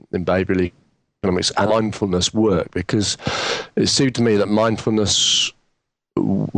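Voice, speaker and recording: Middle-aged guy on a podcast, lowish voice, lots of ums while he works out his question. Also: no room sound. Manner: hesitant, many ums, asks long questions. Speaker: podcast co-host. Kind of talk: casual chat.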